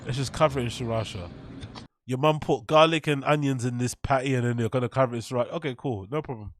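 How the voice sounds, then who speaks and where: A man's voice: medium pitch, steady tone, fast talker, slight background noise. Incredulous, sweary man reacting to clips. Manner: mocking, incredulous, sweary rants. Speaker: host. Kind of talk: reaction commentary.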